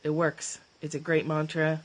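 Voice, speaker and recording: A woman chatting casually on a phone livestream, her slightly low voice choked up with tears. She gushes warmly, laughs often and keeps clearing her throat as she talks. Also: completely flat delivery, moderate pace, a little hiss or hum. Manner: emotional, teary and gushing, with frequent laughs and throat-clearing. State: teary, choked up. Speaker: livestream host, former therapist.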